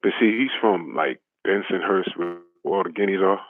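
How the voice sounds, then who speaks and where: A man's voice: deep voice, moderate pace, no echo. A man calling in to a talk show, ranting in a fired-up, mocking, profane way. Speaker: caller. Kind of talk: heated phone-in rant. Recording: dry phone line.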